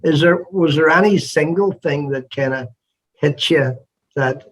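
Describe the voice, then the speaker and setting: A man interviews his guest with earnest, probing questions, often restarting mid-sentence. His voice sits a touch high for a man and carries a husky, breathy edge. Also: unhurried, low-quality recording. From Northern Ireland. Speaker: interview host. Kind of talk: conversational interview.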